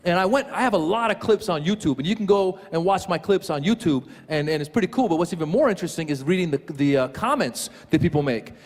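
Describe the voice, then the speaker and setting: Animated male stand-up comic. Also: high voice, fast, few pauses, big-room sound. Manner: animated storytelling with acted-out voices. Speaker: stand-up comedian. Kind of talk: stand-up comedy set. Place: comedy stage before a live audience.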